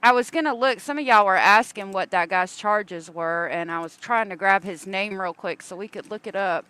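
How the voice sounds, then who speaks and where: A woman on a casual call-in show, calmly reading out details in a matter-of-fact way. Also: medium pitch, normal speed, clean tone, no room sound. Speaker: co-host.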